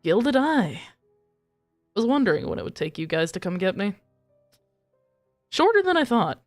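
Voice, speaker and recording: A woman's voice: medium pitch, sing-song, normal speed, soft background music. A woman voicing a cocky male villain who taunts and mocks a group of mercenaries with glib sarcasm. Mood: sly.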